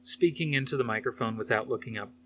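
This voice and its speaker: A man's voice: mid-range voice, fast, fairly bright tone, a little hiss or hum. Man steadily reading a novel aloud. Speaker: narrator.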